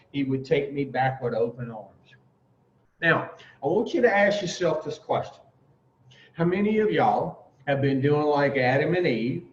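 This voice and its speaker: A man with a drawl tells a story to a recovery group in a loose, salty, folksy way, slipping into voices for the people in it. His voice sits a little high, and he sounds set back from the mic in an echoey room. The recording is dull and muffled. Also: a little mellow. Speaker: addiction recovery speaker. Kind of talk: casual storytelling talk. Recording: roomy dull recording from far off.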